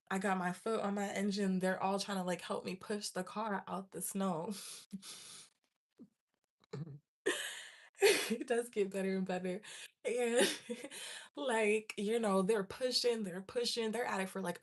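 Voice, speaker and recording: A woman's voice: medium pitch, unhurried. A young woman casually telling a story to her viewers, laughing often and acting out her own panic. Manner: animated, laughs often, acts out her panicked past self. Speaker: vlogger.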